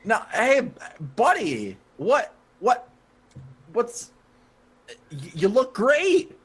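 A man voicing a nervous male mobster who stammers and tries to calm things down. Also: extremely high pitch, drawn-out words, slightly rough, voice pushed up, exaggerated voice. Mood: nervous placating. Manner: stammering, placating.

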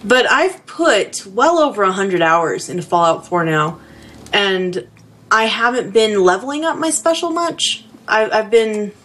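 A woman co-hosting a podcast, calmly going over points in a casual gaming chat. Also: medium pitch, a little slow. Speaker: podcast co-host.

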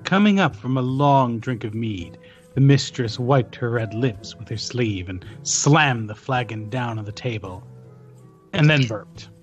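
A man narrating a fantasy audio drama in a measured storytelling manner. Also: mid-range voice, lively intonation, highs cut off, soft background music.

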